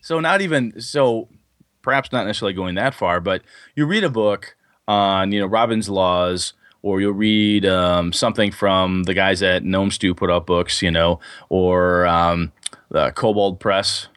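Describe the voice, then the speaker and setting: A man's voice: deep voice, a little slow, clear, resonant tone, no room sound, studio quality. A man co-hosting a casual podcast about tabletop gaming, telling long rambling stories full of fillers. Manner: rambling, animated storyteller with many fillers. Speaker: podcast co-host.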